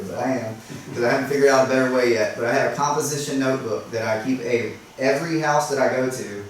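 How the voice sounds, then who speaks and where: A man speaking casually to a small workshop group, chatty and self-deprecating, acting out doorstep conversations and often asking "right?". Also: a little high. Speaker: realtor sharing tips at a workshop. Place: meeting room at a workshop. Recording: echoey room, speaker far from the mic, faint noise.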